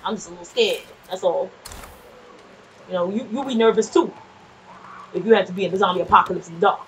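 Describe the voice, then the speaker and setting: A woman casually commenting on her gameplay, chatty and quick to swear, often laughing and talking back to the game's characters. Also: medium pitch, fairly bright tone, slight background noise, rough recording. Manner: nervous and jumpy in scary moments. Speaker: gameplay streamer. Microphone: desk microphone.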